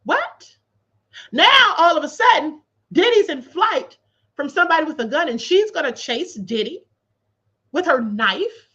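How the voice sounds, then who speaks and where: A woman with a high, sharp voice and lively intonation hosts a livestream at a moderate pace, reading a court filing aloud and tearing into it. Her commentary is sarcastic and incredulous, and she laughs in disbelief. The audio from her livestream setup sounds dull.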